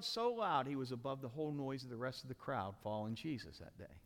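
A man preaching an animated sermon, dramatically acting out the characters in his story with sudden shouts and hushed asides. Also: medium pitch, fast talker, hardly any pauses, long reverb tail. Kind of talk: animated sermon with acted-out voices.

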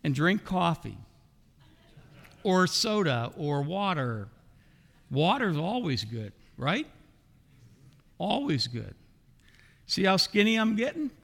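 A man's voice: high voice, sing-song, slow pace, gravelly, long pauses, a bit bright. A middle-aged man preaching a sermon as a pastor, asking the congregation rhetorical questions. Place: church sanctuary. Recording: long hall reverb.

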